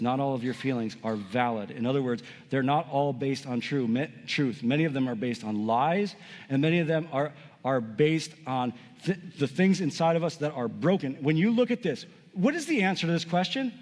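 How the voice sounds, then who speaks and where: A pastor preaching a sermon with emphatic delivery, swinging between raised and hushed passages. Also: male voice, mid-range voice. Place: church sanctuary. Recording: long hall reverb.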